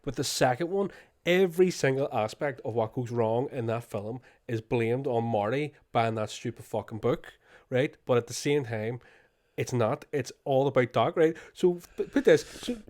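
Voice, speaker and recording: A man's voice: medium pitch, moderate pace, a little mellow. A Scottish man co-hosting a podcast, ranting in casual chat with heavy swearing. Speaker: podcast co-host. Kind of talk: casual rant.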